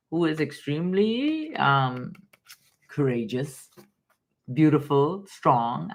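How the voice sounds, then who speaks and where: A woman from Guyana giving casual live tarot readings, calling viewers baby and darling in an affectionate way. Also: low-pitched. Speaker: tarot reader on a live stream.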